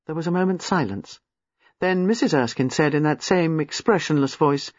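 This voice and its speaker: A man narrating a novel in an expressive, lively reading. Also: a little high, normal speed, no room sound. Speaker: audiobook narrator. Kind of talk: scripted narration. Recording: slightly muffled, dry.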